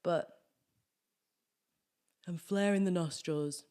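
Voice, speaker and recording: A vocal coach gives a chatty singing lesson, explaining technique and then breaking into sung exercises as demonstrations. Her voice is on the low side and clean in tone, a little slow, with frequent pauses.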